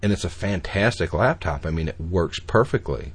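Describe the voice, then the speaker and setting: Husky low-voiced man chatting. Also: expressive, normal speed. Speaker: podcast host. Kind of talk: casual chat.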